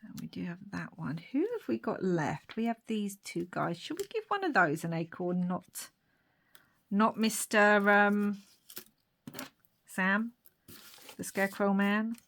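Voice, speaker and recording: A woman's voice: mid-range voice, sing-song, a little slow, vocal fry. Chatty woman crafting on camera. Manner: chatty, talks to viewers, laughs often, soft whispered asides. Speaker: craft vlogger. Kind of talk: casual crafting chat.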